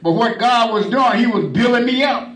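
High-voiced preacher in an echoey room. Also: male voice, normal speed. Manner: rhythmic preaching, repeating "glory to God", swells to shouts. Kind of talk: sermon. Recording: echoey room, mic at a distance.

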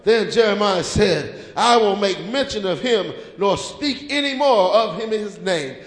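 A man a sermon with chanting, rhythmic repetition that rises into shouts, drawing call-and-response from the congregation in a church. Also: high voice, expressive, unhurried, hardly any pauses. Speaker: preacher. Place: church sanctuary. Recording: echoey hall with music.

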